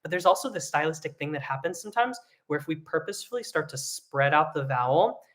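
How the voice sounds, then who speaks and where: A singing teacher giving an online vocal lesson, explaining technique in a relaxed way with frequent fillers. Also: mid-range voice, fast talker.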